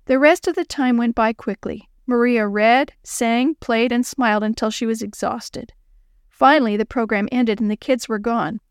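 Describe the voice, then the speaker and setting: A woman narrating a children's story in a clear, expressive reading. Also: on the high side, moderate pace, no echo, studio quality.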